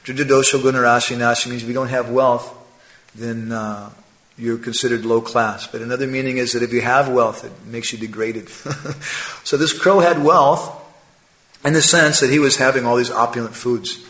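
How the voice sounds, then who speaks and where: A man telling a moral fable as part of a religious talk, animated, with frequent tag questions and chuckling asides. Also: mid-range voice, normal speed. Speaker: religious storyteller. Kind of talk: sermon storytelling. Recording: echoey room.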